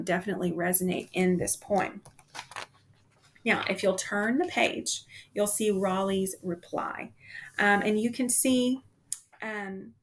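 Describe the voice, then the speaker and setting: A woman teacher giving a casual literature lecture, with frequent "um"s and "okay?" check-ins to the class. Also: mid-range voice.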